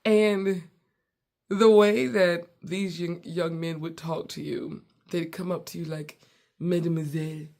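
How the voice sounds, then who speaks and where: An animated woman from the US tells a comic story in a playful, casual way. Her voice has a gravelly edge, and she slips into the dialogue as she goes. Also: on the low side, slow pace. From United States. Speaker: comedian and podcast host.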